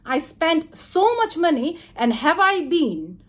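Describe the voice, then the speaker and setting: A woman with a notably high voice vents to her camera from inside a hotel room. She talks in an indignant rush and quotes the exchanges one after another. The sound is close and direct, like a phone held near. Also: very animated. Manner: indignant, rapid retelling with quoted back-and-forth. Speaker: vlogger recounting a complaint. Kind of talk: heated personal account to camera.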